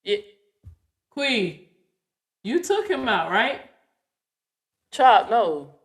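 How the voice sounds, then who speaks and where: A woman's voice: fairly high pitch, big pitch swings, extremely slow, slightly rough. A woman in her forties, hosting a casual livestream, chatting with viewers and playfully coaxing her dog. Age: 40s. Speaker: livestream host.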